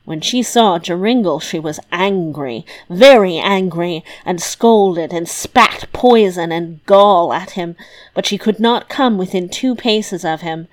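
Slow, measured woman reading a fairy tale. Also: on the low side. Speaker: storyteller. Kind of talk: scripted storybook narration.

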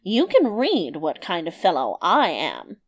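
Storybook tailor: small, cheerful, cocky man, loud emphatic boasts, played by a woman narrator. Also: on the low side, wildly swooping pitch, unhurried, slightly rough, full character voice.

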